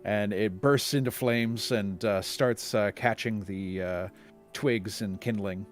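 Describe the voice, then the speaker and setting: A man narrating a tabletop game as game master over a video call, pausing often with uh fillers. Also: fairly low pitch, soft background music. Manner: halting narration full of uh fillers.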